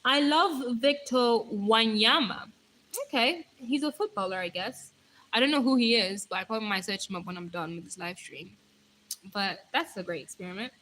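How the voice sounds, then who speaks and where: A young woman rambles playfully to her live stream viewers, picking up their comments as she goes. Her voice is bright and fairly high, with a slight hoarseness from talking. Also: normal speed, a little hiss or hum, low-quality recording. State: voice going hoarse.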